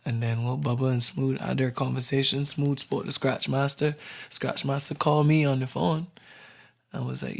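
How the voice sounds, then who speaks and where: Laid-back dj guy from barbados, gravelly voice, chatty, laughs a lot. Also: medium pitch, flat delivery, moderate pace. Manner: laid-back, laughs easily, repeats words. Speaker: DJ guest. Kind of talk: casual interview chat.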